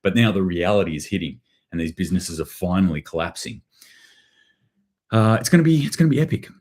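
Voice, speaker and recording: Deep-voiced man, rambling commentary. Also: animated, a little fast, darkish tone. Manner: rambling, repeats and restarts phrases, sardonic. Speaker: host. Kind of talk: live news commentary, reading chat.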